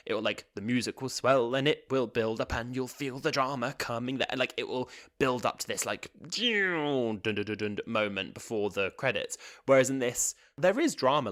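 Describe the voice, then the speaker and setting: A man, co-hosting a podcast in a relaxed, giggly way with plenty of fillers. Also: on the low side. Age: 20s. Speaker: podcast co-host. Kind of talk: casual chat.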